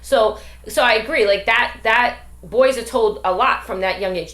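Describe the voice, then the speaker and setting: A woman's voice: on the high side, moderate pace, fairly bright tone. A middle-aged woman and grandmother, a podcast host talking emphatically with many rhetorical questions. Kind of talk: casual discussion. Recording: echoey room.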